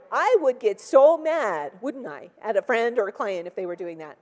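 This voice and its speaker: A woman's voice: fairly high pitch, very animated, moderate pace, hardly any pauses, darkish tone, in a large hall. A woman in her sixties giving a personal testimony from a church pulpit, chatty and full of "like" and acted-out quotes. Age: 60s. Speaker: church speaker. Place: large church hall.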